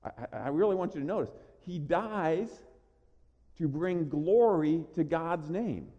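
A man preaching a sermon, earnest and emphatic, slowing on key lines and repeating words as he starts. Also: a little high, muffled recording. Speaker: pastor. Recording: long reverb of a large hall.

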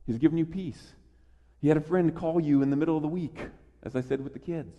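Emphatic preacher man, fairly high voice. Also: brisk, long reverb tail, dull audio. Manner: emphatic, animated, with frequent restarts. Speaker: pastor. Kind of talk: sermon.

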